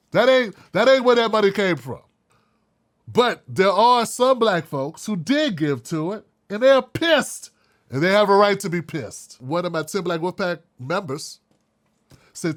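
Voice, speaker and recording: A man's voice: sits high, very animated, a little slow. A man hosting an opinion commentary show, blunt and fired up, swearing freely. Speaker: host.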